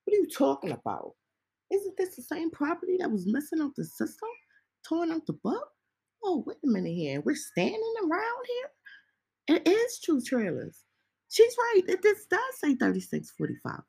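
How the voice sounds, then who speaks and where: Woman mimicking a shrill, flustered cop. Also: huge pitch swings, normal speed, gravelly, darkish tone, heavily acted. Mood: mock surprise. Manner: mocking, high-pitched exclaiming.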